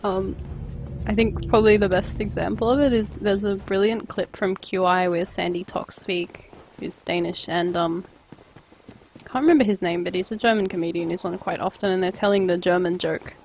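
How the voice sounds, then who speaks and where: A woman's voice: medium pitch, fairly even intonation, normal speed, darkish tone, rough recording. A young Australian woman chatting casually with her viewers while she plays a game on a live stream, rambling from one thought to the next. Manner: chatty, rambling, reads and answers chat.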